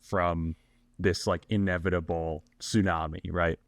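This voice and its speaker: A man co-hosting a podcast, asking questions in a relaxed, conversational way. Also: low-pitched, unhurried, dry recording. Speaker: podcast co-host. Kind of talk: casual podcast chat.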